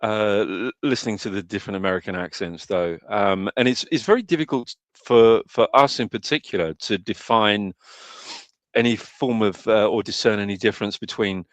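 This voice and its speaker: A man's voice: lowish voice, normal speed, no echo. A man with a British accent chatting casually, emphatic and full of fillers. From Britain. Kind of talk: casual chat.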